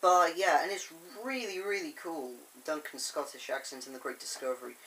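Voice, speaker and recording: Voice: medium pitch, animated, moderate pace, fairly bright tone, low-quality recording. Brief: enthusiastic fan vlogger, rambling review, tripod camera, faint hiss. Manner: enthusiastic, chatty, with many fillers.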